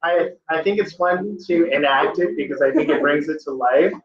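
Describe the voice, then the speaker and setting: A man with a fairly high voice teaching a classroom lesson in a casual, animated way. His speech is loose and full of "like". The sound is echoey, dull and lo-fi, as if it were recorded in a classroom. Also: normal speed. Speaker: test-prep teacher.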